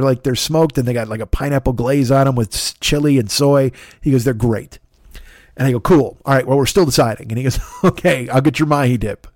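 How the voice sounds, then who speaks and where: A man hosting a podcast, telling a long, animated, profane story in a casual way and acting out the back-and-forth dialogue. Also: mid-range voice, no echo, clean studio sound. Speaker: podcast host.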